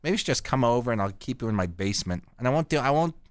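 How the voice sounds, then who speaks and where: A middle-aged man from Canada rambles through profane stories in a deadpan comic tone, his voice at a typical pitch for a man. He hosts a podcast, and his voice sounds dry and close, with no echo. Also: racing. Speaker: podcast host. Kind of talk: casual profane storytelling.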